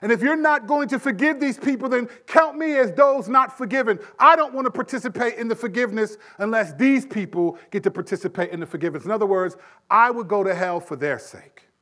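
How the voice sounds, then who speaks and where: High-voiced man teaching a sermon. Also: brisk, hardly any pauses. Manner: conversational, emphatic, drops to hushed tones for weight. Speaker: preacher.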